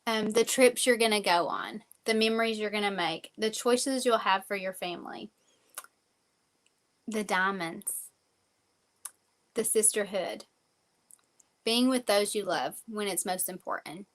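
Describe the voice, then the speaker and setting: A woman's voice: mid-range voice, measured pace, pauses often. A woman giving an earnest, faith-filled motivational sales training talk, full of fillers and repeated phrases. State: emotional at times.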